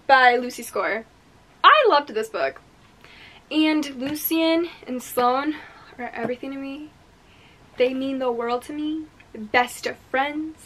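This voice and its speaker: A woman's voice: sits high, slow pace, pushed and bright, a little hiss or hum. A woman reviewing her favorite books in casual chat, gushing and effusive, dropping into dramatic whispers. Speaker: book reviewer.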